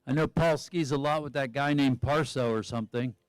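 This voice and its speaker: A man's voice: mid-range voice, fairly quick, clean tone, no echo. A man giving live sports commentary who chats and thinks aloud about each skier's options.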